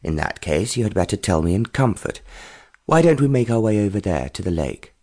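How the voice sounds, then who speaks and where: An actor playing a cool, cultivated young aristocrat, speaking in a dry, commanding way. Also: male voice, lowish voice, sing-song, brisk, mellow. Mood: amused.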